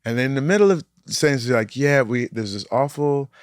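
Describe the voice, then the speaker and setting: Man, podcast recap, animated storyteller acting out quotes, dry sound. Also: mid-range voice, fairly quick, clear, resonant tone, no echo. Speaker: podcast panelist. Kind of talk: casual TV recap chat.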